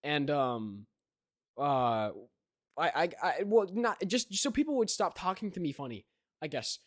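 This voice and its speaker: A man's voice: on the high side, big pitch swings, unhurried, dry recording, clean studio sound. A young man co-hosting a podcast, chatting casually and rambling, with many restarts and "right?" tags. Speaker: podcast co-host. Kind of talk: casual chat.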